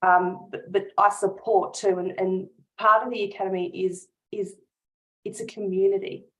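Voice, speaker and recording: A woman business coach chats warmly in an interview, speaking earnestly and from the heart. She often breaks into small laughs and restarts her sentences as she talks. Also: mid-range voice, level tone, moderate pace, rough recording. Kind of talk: casual interview chat.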